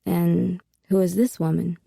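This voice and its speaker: A cold, suspicious man with a Latin American accent, clipped and icy, as a woman narrator puts him on. His voice is gravelly and mellow, recorded dry and close. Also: fairly low pitch, little pitch movement, unhurried, no room sound, heavily acted.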